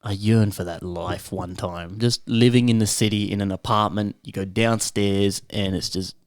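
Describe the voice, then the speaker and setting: A young man with an Australian accent, talking in a relaxed, profane, storytelling way. The recording is dry and close, with almost no room sound. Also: on the low side, normal speed, no room sound. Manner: laid-back, profane storyteller who laughs often. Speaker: podcast panelist. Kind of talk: casual chat.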